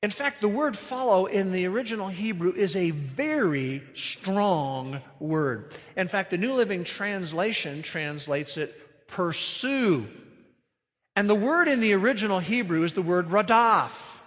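A man's voice: high-pitched, expressive, a little slow, a bit bright, in a large hall. A man preaching a sermon as pastor, earnest and emphatic, stretching out key phrases.

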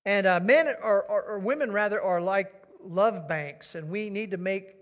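A man's voice: high-pitched, moderate pace, a bit bright. A man preaching a sermon, telling stories in a conversational way and coaxing his congregation to respond. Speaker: pastor. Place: church sanctuary. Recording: long reverb of a large hall.

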